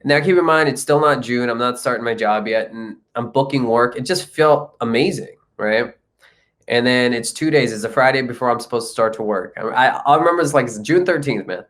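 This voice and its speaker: A man's voice: mid-range voice, fairly quick, a bit bright. A young man from India, a comedian and actor, telling his life story in a casual interview and acting out the people he quotes.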